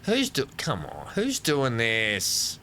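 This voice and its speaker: A man with an Australian accent talks through a building game in loose, rambling commentary. His voice is bright and forward, at a middle pitch for a man. He jokes and answers his own questions as he goes. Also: wildly swooping pitch, slow, a little hiss or hum. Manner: rambling, playful, talks to himself. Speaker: gaming channel host. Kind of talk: casual gameplay commentary.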